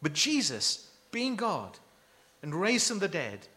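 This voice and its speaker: A man's voice: sits high, wildly swooping pitch, slow pace, sharp tone. A man preaching a sermon, emphatic and full of rhetorical questions to his listeners.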